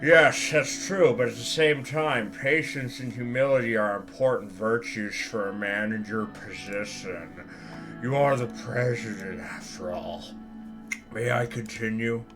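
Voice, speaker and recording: A man's voice: mid-range voice, a little slow, over music, lightly acted. A man voicing a smug, portly older male business tycoon, drawling and patronizing as he talks. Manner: drawling, self-satisfied, patronizing.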